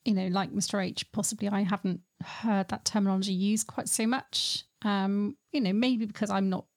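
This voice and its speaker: Gravelly-voiced woman podcast host. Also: mid-range voice, fairly even intonation, normal speed, darkish tone, no echo. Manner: hesitant, lots of ums and you-knows. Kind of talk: casual podcast chat.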